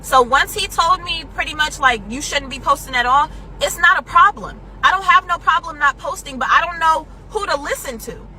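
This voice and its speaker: A woman's voice: high-pitched, moderate pace, few pauses, sharp tone, rough recording. A woman venting to camera in an exasperated, explaining tone. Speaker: content creator in a clip.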